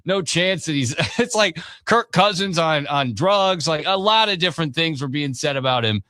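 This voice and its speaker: Bright-voiced sports radio host, dry studio. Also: male voice, fairly high pitch, lively intonation, no echo. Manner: casual, opinionated, quick asides. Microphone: studio mic.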